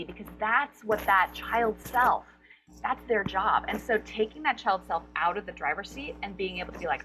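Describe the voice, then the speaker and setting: A woman being interviewed as a guest coach for actors, talking in an animated, expressive way and acting out her inner voices. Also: medium pitch, moderate pace, over music, low-quality recording. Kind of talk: summit interview conversation.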